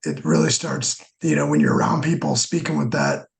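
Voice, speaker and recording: A man's voice: mid-range voice, huge pitch swings, fairly quick, gravelly. A middle-aged former hockey player, a man, chatting easily as a podcast guest. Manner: easygoing, many fillers. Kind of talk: casual chat.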